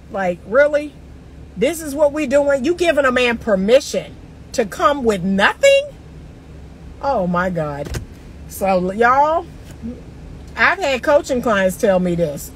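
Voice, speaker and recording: A woman relationship coach addresses her viewers straight on in a casual, emphatic advice monologue recorded in a car, laughing often. Her voice has a fairly high pitch. The audio is poor, with slight background noise.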